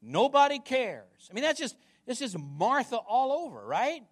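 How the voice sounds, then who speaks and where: A man's voice: very high voice, huge pitch swings, normal speed, few pauses. A man preaching a sermon as pastor, emphatic, repeating words and putting questions to the congregation.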